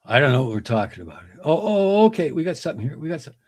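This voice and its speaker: A man's voice: very animated, racing, no room sound. A middle-aged man hosting a livestream, reading comments and telling jokes with a chuckle. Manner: chuckling, acts out joke voices with big pitch swings. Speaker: livestream host.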